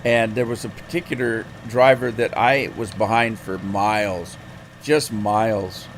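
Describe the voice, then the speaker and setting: A man's voice: fairly low pitch, fairly even intonation, measured pace, a little hiss or hum. Man rambling through a road story. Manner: rambling, folksy, with lots of fillers and restarts. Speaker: game streamer. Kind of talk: casual storytelling while gaming.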